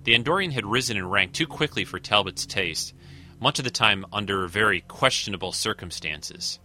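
Male story reader, very low voice with a sharp bright edge, steady. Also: normal speed. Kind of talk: fan audio story reading.

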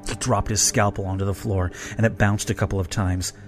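Low-voiced man reading a story. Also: fairly even intonation, brisk, faint music behind. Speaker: story reader. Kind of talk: reading a fan roleplay story aloud.

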